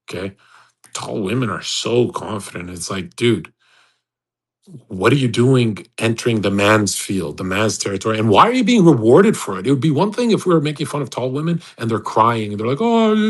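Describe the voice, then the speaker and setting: Hosting a live online audio chat room, a man delivers a casual, rambling monologue that's boastful, provocative and preachy, full of restarts. His voice is medium-pitched and husky, and the recording is rough.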